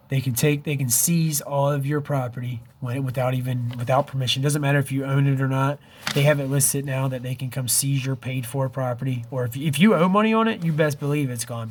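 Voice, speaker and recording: A man's voice: mid-range voice, darkish tone, a little hiss or hum. Pleading, emotional man vlogging to camera. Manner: urgent, pleading, repeats "dude" and "man"; emotional and wavering, near tears. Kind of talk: impassioned direct-to-camera vlog.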